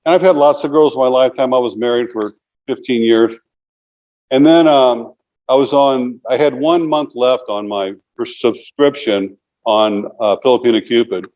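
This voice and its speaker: Man, 60s, interview guest, rambling casual storyteller, middle pitch, muffled lo-fi audio. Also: moderate pace, a little mellow. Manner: rambling, many "you know" fillers.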